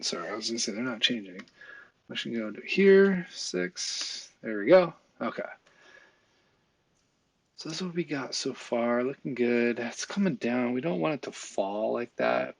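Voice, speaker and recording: A man talking through a software tutorial in a casual, think-aloud way, with fillers and small asides as he works. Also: mid-range voice, normal speed, vocal fry, slightly rough, no echo. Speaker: visual effects tutorial instructor. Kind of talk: screen-recorded software tutorial.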